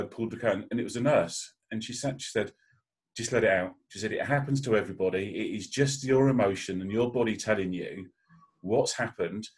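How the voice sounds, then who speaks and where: A man with a fairly low voice speaks candidly on a panel. He tells his own story with feeling, often pausing and restarting his sentences. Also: slightly rough. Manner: candid, emotional, halting with restarts. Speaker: panel guest. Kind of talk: personal story on a video call panel.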